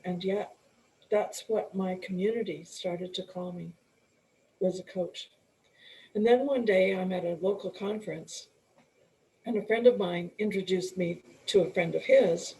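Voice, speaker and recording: A middle-aged woman speaks slowly as an interview guest, her voice carrying a gravelly edge. She tells her story earnestly, with restarts and the odd clearing of her throat. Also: mid-range voice, mellow, poor audio. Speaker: guest, empowerment coach and author.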